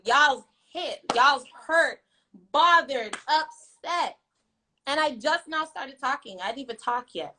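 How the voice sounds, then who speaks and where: A woman's voice: high voice, expressive, slow pace, pushed and bright, slight background noise, poor audio. A young woman telling her side in a story time rant, blunt and defiant, swearing often and repeating herself for emphasis. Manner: blunt, defiant, heavy profanity. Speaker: vlogger.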